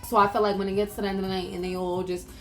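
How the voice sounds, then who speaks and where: A woman's voice: mid-range voice, level tone, very fast. A young woman hosting her own podcast, talking candidly and emotionally about her life, with lots of "like" fillers and some swearing. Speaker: podcast host. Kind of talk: casual personal monologue.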